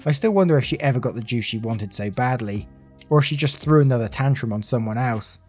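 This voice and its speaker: A man reading reddit stories aloud in a steady, matter-of-fact way, as the channel's narrator. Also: mid-range voice, quick pace, faint music behind.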